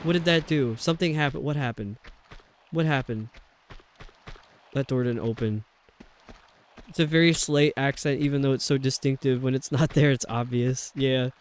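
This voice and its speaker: A man's voice: medium pitch, moderate pace, pauses often, slight background noise. A man streaming a video game, chatting casually and rambling with lots of fillers. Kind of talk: casual chat while playing a video game.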